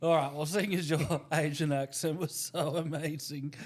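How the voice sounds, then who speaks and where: A man with a high voice reading out crude jokes on a comedy podcast. He swears casually and laughs at his own punchlines. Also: steady tone, moderate pace. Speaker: podcast co-host.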